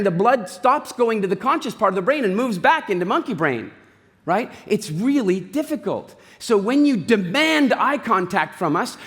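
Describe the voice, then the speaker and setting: A man giving an animated, jokey talk on stage, telling stories with voiced asides. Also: sits high. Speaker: speaker. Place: large event hall. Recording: reverberant hall.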